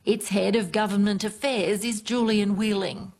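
A woman voicing a news report in a clear, even scripted read. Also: mid-range voice, moderate pace.

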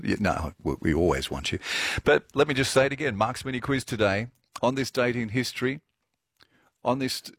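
A man's voice: fairly low pitch, gravelly, no room sound. A man hosting a talkback radio show, chatty and rambling, correcting himself and laughing often. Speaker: radio host. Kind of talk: talkback radio chat with callers. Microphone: studio microphone.

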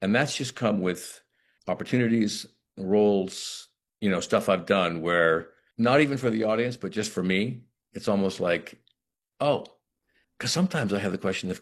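Deep-voiced man, thoughtful and halting. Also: animated. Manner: thoughtful, halting, many restarts and "you know". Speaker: actor guest. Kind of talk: reflective interview talk.

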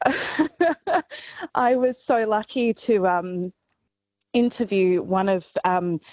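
A woman, a radio colleague, sharing memories in a tearful, hesitant way with many pauses. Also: medium pitch, a little mellow, no echo, dull audio.

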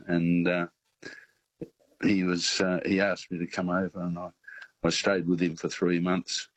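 A man's voice: low-pitched, dry recording, poor audio. A man, phoning in to a radio show and rambling through an anecdote. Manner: rambling storyteller. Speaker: radio caller. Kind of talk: phone-in anecdote.

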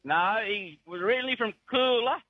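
A man with a broad rural Australian accent drawls easily through a radio phone call, his voice sitting high. The line is dry and dull, with a muffled lo-fi sound. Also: fairly quick, no room sound. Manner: laconic, drawling, says mate a lot. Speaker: caller. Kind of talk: casual radio phone chat.

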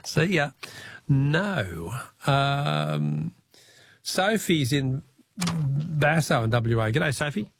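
An Australian man hosting a talkback radio quiz, chatty and quick to laugh, repeating the question for each caller. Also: fairly high pitch, sing-song, creaky, slight background noise.

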